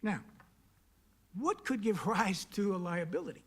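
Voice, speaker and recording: A man from South Carolina stands in a council chamber making a forceful public comment to the county council, firing off pointed questions and hammering key words again and again. He has a high voice with lively intonation and an unhurried delivery.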